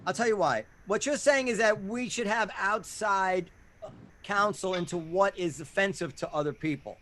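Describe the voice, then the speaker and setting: High-voiced man hosting a panel chat. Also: pushed and bright. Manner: earnest, explains at length with halting restarts. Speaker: club owner and podcast host.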